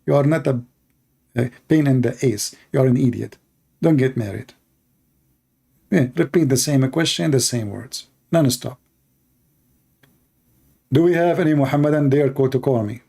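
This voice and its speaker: A man's voice: mid-range voice, normal speed, vocal fry, long pauses, mellow. A man hosting a live call-in debate show in slightly broken English, mocking and taunting his callers.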